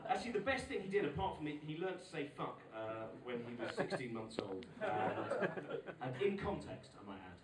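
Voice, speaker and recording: Male comic in his forties, high and lively voice, heard from afar over room noise. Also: moderate pace, few pauses. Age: 40s. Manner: animated, exasperated storytelling with loud outbursts. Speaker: stand-up comedian. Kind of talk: stand-up set. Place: live venue with audience. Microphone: recorded from far off by a phone camera. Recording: echoey, distant phone recording with noise.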